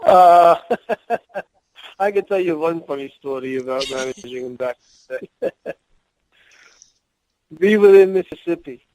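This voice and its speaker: A man's voice: fairly high pitch, measured pace, long pauses, a little mellow, rough recording. An older man, a former wrestling manager, telling rambling anecdotes as a guest in a podcast interview. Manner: rambling anecdotes with laughs and restarts.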